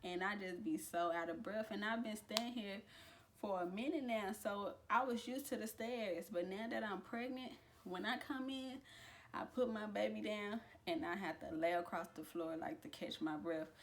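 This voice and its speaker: A young woman talking casually to camera in a vlog, chatty and relaxed, with frequent fillers and restarts. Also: mid-range voice, moderate pace, a little hiss or hum. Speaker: vlogger. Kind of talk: casual pregnancy update vlog.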